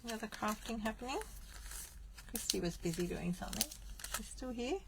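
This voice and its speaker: Slightly high and creaky, this woman's voice moves fairly quickly over background noise. The Australian host of a live card-making stream chats and thinks out loud while she works.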